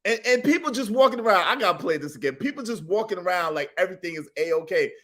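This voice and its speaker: A man's voice: high-pitched, animated, fast talker, a bit bright. A man hosting a comedic reaction show, laughing and asking the same incredulous questions again and again. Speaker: host reacting to clips.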